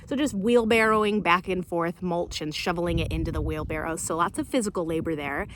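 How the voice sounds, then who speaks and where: A woman's voice: fairly low pitch, a little fast, slight background noise. A young adult woman vlogging in a casual, chatty way, often laughing, recorded on a handheld camera outdoors and in her car. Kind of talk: casual vlog chat.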